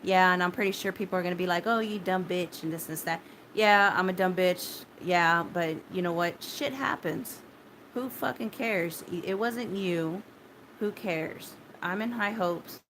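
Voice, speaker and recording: A woman telling viewers about a frightening experience in a halting, repetitive way, with many restarts and blunt swearing. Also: fairly low pitch, fairly bright tone, slight background noise. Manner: shaken but steadying, talking straight to viewers. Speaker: vlogger recounting a personal ordeal. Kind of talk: casual spoken personal story.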